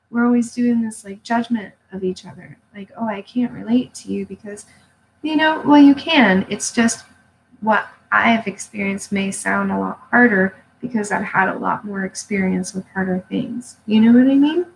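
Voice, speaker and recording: A woman streaming a live video from home, recorded on a phone or webcam. She talks at a middling pitch with blunt, swear-filled candor and lively emphasis. She tells her stories casually and stops to urge her viewers on. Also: slight background noise, low-quality recording. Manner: blunt, profane and animated, laughing often; emphatic pep-talk delivery. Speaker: vlogger.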